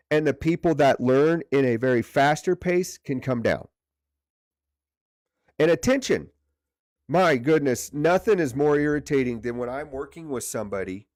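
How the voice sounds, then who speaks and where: A leadership coach hosts a livestream training session despite a stiff neck from sleeping badly, keeping it conversational and repeating words for emphasis. He speaks at medium pitch with a darkish tone, recorded dry with clean studio sound.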